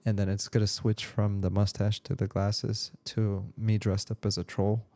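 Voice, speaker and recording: A man chatting casually while playing a game, relaxed and rambling with many fillers. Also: on the low side, moderate pace, no room sound. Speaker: game streamer. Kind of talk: casual gameplay chat.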